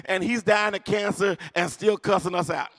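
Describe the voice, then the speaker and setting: Man preaching a sermon: very high, bright, forceful voice, dry sound, swings into shouts and calls out to the congregation. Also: fairly even intonation, normal speed, no room sound. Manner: impassioned preaching with frequent shouted lines; humorous storytelling with laughs. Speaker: pastor.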